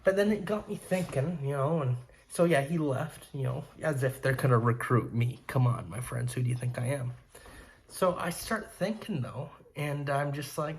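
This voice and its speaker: A man hosting his own video channel, talking casually and earnestly to camera. He sounds excitable and often fills gaps with "uh" and "you know.". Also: medium pitch, moderate pace, a little hiss or hum. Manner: earnest, excitable, many fillers. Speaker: channel host.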